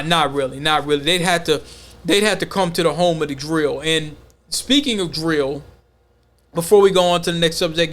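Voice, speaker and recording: A man hosting a podcast, talking in a loose, slangy, animated way in casual chat. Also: on the high side. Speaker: podcast host.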